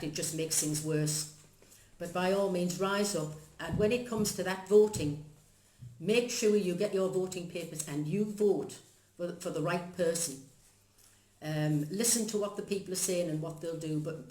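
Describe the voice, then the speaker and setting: Woman, 60s, from Zambia, earnest and chatty, lowish voice, echoey room. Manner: earnest, chatty, laughs often. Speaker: guest. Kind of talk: casual chat.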